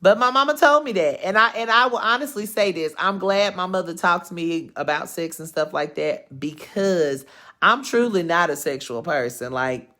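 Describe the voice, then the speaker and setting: A woman's voice: on the low side, normal speed. Frank, profane woman vlogger in her thirties. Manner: frank and profane, rambling with lively swings in emphasis. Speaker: vlogger hosting her own live show. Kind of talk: casual storytelling to viewers.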